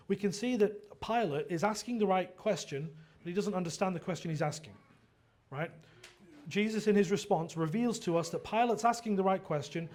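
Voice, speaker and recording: A man preaching an earnest expository sermon, stumbling and restarting often and checking in with the listeners. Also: sits high. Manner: quotes dialogue in lively voiced asides. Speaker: pastor.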